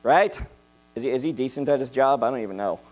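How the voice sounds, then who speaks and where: A young man preaching a sermon in a jokey, animated way, checking in with "okay?" after each point. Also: mid-range voice, fast.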